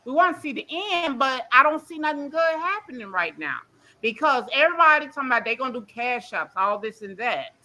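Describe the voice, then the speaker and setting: On a livestream call, a woman delivers an emotional rant full of blunt talk, swearing, and rambling. She speaks a little fast in a high, sing-song voice with a sharp edge.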